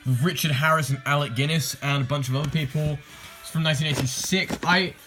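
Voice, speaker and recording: A young man from England casually showing off his tape collection, rambling and correcting himself with dry asides. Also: mid-range voice. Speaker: video collector host. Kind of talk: casual show-and-tell. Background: music.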